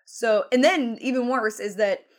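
Woman co-host on a sports show, chill and measured, picks her words. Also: a little high. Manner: measured, careful opinions, tactful. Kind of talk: casual sports chat.

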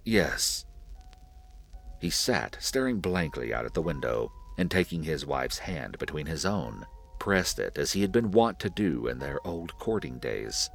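Very deep, gravelly male narrator. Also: big pitch swings, moderate pace. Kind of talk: scripted horror story narration. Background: faint music.

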